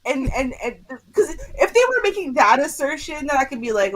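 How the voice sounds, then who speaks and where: A woman's voice: high-pitched, big pitch swings, a little fast, hardly any pauses, rough recording. A woman co-host in casual chat, arguing her point with emphatic, incredulous energy.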